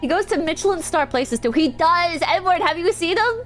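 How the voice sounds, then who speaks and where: A woman's voice: extremely high pitch, lively intonation, a little fast, faint music behind. A woman streamer chatting casually while gaming, telling a rambling story full of "like" and restarts.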